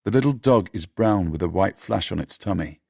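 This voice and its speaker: A man narrating an audiobook in a steady, measured storytelling manner. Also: sits low, creaky, slightly rough, no echo, clean studio sound.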